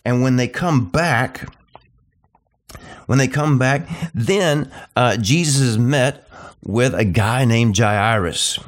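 A middle-aged man preaching a sermon, repeating short phrases and slowing down to stress key points. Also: mid-range voice. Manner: emphatic, repetitive preaching cadence, slows down on key phrases.

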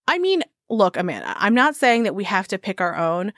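A woman's voice: medium pitch, very animated, fairly quick, a bit bright, dry recording. Woman podcast co-host, laughs a lot, playful riffing, dry sound. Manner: giggly, playful, rambling. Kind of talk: casual chat.

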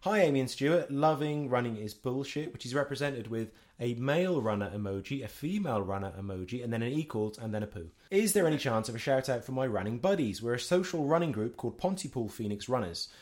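A man co-hosting a casual podcast, teasing his co-host in a dry, deadpan way. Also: medium pitch, fast, hardly any pauses.

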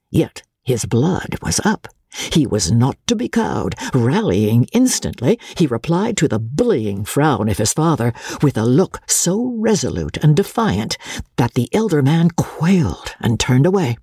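A woman narrates a classic novel in a theatrical storytelling manner. Her voice is husky, with lively rises and falls in pitch. The studio sound is dry and close. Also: a little slow, dry recording. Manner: expressive, theatrical reading. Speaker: audiobook narrator.

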